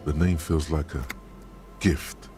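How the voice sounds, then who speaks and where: An actor voicing a grave male inner narrator in a game, speaking in slow, ominous second person. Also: extremely low pitch, fairly even intonation. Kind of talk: game voice acting. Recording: narration over clear game music.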